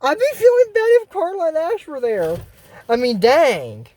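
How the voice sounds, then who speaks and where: A woman's voice: high voice, wildly swooping pitch, moderate pace, a little mellow. A woman casually recapping a cartoon episode, rambling and joking in asides. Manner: rambling, jokey, trails off into asides.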